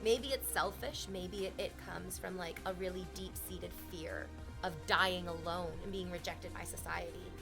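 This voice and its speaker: A young woman streamer chatting openly with her viewers, swearing freely and laughing loudly. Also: on the low side, fairly even intonation, normal speed, gravelly, music in the background. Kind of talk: casual chat with stream chat.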